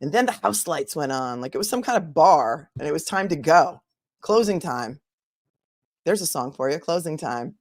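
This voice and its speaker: A woman's voice: low voice, lively intonation, moderate pace, darkish tone, no echo, clean studio sound. A woman hosting a live stream, chatting casually and reading out viewer comments in a conversational way. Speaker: host of a live-stream channel reading super chats. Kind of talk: casual chat.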